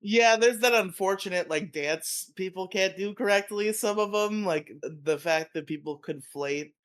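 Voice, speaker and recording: A man with a slightly raised pitch talks casually on a podcast. His sentences come in halting, profane bursts, and he laughs often mid-thought. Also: fairly bright tone. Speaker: podcast co-host.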